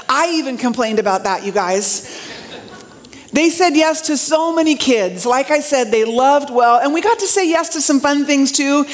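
A middle-aged woman pastor preaching a sermon in a chatty way, talking straight to the congregation. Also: sits high. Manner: warm, chatty, addresses the congregation directly.

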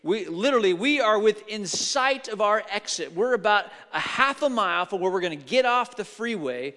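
Long hall reverb surrounds a middle-aged male pastor preaching in a sanctuary, where he animatedly tells stories and acts out quotations. His voice sits high and sounds expressive, bright, and forceful at a moderate pace.

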